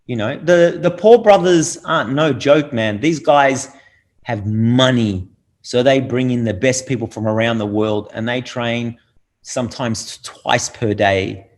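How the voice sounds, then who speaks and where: A man's voice: medium pitch, measured pace. A middle-aged man on a podcast, talking bluntly and preachily, swearing freely. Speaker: podcast guest. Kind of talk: casual podcast conversation.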